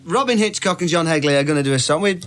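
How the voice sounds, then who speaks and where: A man's voice: on the high side, animated, rapid-fire, a bit bright, soft background music. Brief: radio host man, raised voice, jokey banter, laughs a lot. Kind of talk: casual studio banter.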